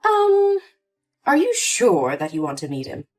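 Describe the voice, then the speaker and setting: A woman's voice: medium pitch, huge pitch swings, measured pace, soft background music, voice pushed down. A woman voicing an upset young adult daughter in a dramatized story, pleading and indignant. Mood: cheerful. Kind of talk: scripted story voice acting.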